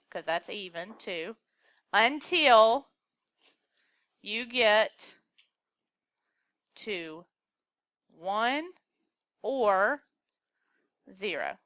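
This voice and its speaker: A woman's voice: a little high, pushed and bright, smooth, no echo, dull audio. A woman teaching a math class, coaxing students along with questions in a classroom lecture.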